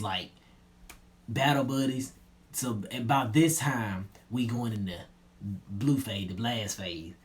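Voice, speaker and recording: A young man tells a story in an easygoing, slangy way. His voice sits at an ordinary pitch. His sentences often sink low and soft at the end. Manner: laid-back slangy retelling, drops low and quiet at line ends. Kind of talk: casual storytelling.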